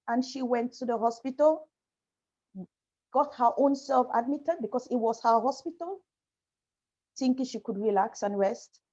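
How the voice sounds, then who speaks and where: A woman speaking as a panel guest over a video call, halting and apologetic as she shares a painful personal story. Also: on the high side, dark tone. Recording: muffled lo-fi video call audio.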